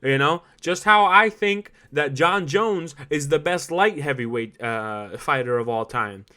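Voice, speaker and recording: Excitable young-sounding podcast guy, bright voice. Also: measured pace. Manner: animated, swears a lot, laughs often; swings between loud outbursts and low asides. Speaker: podcast host. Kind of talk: solo podcast monologue.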